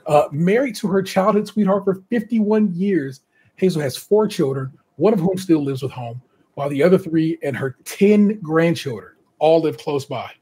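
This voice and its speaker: A man's voice: fairly high pitch, normal speed, warm tone, breathy edge. A man hosting a casual podcast, reading out contestant bios and breaking off for chatty asides and laughter. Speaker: podcast host.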